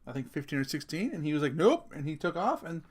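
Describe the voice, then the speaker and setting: A middle-aged father ranting casually to his viewers, his voice sitting a little on the high side. He talks in an animated, emphatic way, jumps to loud bursts and swears freely. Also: quick pace. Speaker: vlogger, father. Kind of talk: casual rant to camera.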